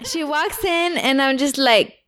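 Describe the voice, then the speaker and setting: A woman's voice: high-pitched, animated, unhurried, fairly bright tone. Chatty young woman telling a story. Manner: chatty, full of "like" fillers, acts out quoted lines. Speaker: guest telling a personal story. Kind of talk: casual storytelling.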